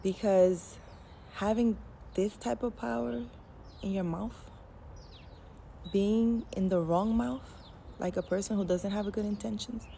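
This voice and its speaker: A woman's voice: mid-range voice, steady tone, unhurried, gravelly, pauses often, warm tone, a little hiss or hum. A woman casually telling a personal story to camera, chatty and candid, laughing at herself now and then. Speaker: spiritual storyteller.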